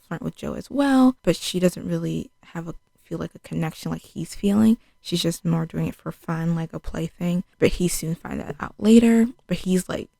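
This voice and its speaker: A woman's voice: lowish voice, normal speed, vocal fry, few pauses, mellow, no echo. A young woman recapping a TV series in a chatty, casual way, peppering her talk with "like" and acting out quotes. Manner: chatty, fills speech with "like", acts out quotes. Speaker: TV show reviewer. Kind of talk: casual spoken show recap.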